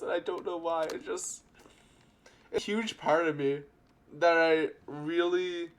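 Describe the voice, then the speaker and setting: A young man giving casual gameplay commentary, excitable and gushing with nostalgia as he talks. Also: fairly high pitch, slow pace, smooth. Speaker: gaming youtuber. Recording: game music playing behind the voice.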